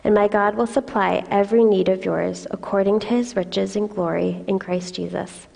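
A woman reading a scripture passage aloud in a church service, in a steady, measured way. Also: medium pitch, gravelly. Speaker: scripture reader. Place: church hall. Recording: long reverb of a church hall.

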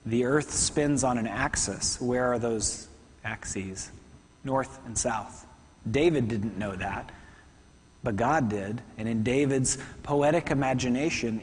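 A man preaching a sermon to a congregation, talking fast and conversationally with asides. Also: mid-range voice, slightly rough, big-room sound. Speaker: pastor. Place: church hall.

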